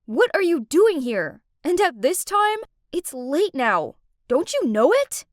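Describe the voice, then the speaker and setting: A woman plays a protective young man in an animated story. He scolds sternly and does not back down. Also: sits high, measured pace, dry recording, studio quality.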